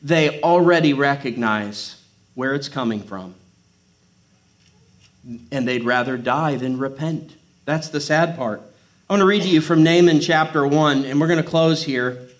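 Casual joking male pastor, higher voice. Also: unhurried. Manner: conversational, joking asides between scripture readings. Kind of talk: sermon.

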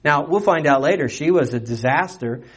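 A man preaching a sermon, animated and conversational, with rhetorical questions and playful asides. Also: on the high side, moderate pace, husky. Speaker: pastor.

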